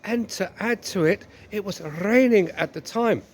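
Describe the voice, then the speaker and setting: A man's voice: high voice, a little slow, a little hiss or hum, voice pushed up. A man playing a nagging wife who sweetly mocks her husband and keeps calling him dear. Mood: mocking. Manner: sweetly mocking, repeats "dear". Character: nagging middle-aged wife who never lets things go.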